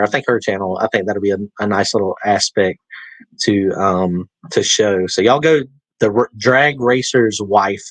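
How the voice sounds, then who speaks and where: A Southern US man hosts a laid-back live stream in a lowish voice, chatting loosely and reading out viewer comments as they come. His speech wanders with plenty of fillers and restarts. The sound is dry and close, with little room echo. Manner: rambling, with many fillers and restarts; reads and answers viewer comments. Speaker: livestream host. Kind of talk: casual livestream chat.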